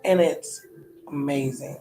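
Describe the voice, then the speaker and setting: A woman's voice: sits low, takes it slowly, mellow. Reflective woman in an echoey room. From United States. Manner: candid, colloquial, trailing off and restarting, sighing. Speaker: podcast host. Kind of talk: reflective personal monologue.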